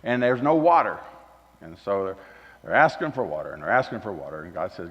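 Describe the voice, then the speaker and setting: A man preaching a folksy sermon at a church, moving between loud emphasis and quiet asides. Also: on the low side, sing-song, brisk. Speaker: guest speaker at a church. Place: church hall. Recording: dull recording with long hall reverb.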